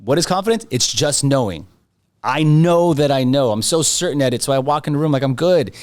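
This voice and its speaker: A man's voice: on the high side, lively intonation, fairly quick. Emphatic, confident man talking shop. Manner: emphatic, confident, punchy repetition. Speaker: podcast guest, real estate agent. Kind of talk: conversational interview.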